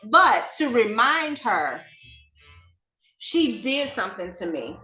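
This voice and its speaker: A woman hosting a talk show, telling a personal story to her audience in an animated, emphatic, conversational way. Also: fairly high pitch, takes it slowly, reverberant, faint music behind.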